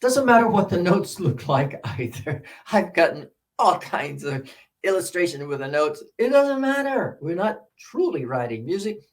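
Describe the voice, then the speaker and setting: Man, pronunciation teacher, workshop talk, slightly high voice, repeats and stretches words. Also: big pitch swings. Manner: drills words slowly, counting syllables aloud. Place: presentation room with a mic.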